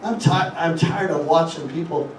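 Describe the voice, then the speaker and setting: A man's voice: on the high side, normal speed, echoey room, far from the mic, a little hiss or hum, poor audio. A man preaching a sermon as a guest speaker, asking the congregation rhetorical questions and quoting scripture. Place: church hall.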